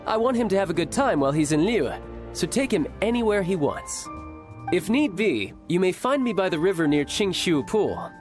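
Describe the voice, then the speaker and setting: A man voicing a confident young game character who talks in a smooth, teasing, relaxed way. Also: high-pitched, moderate pace. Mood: friendly. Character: confident young man, breezy older brother type. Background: faint game music.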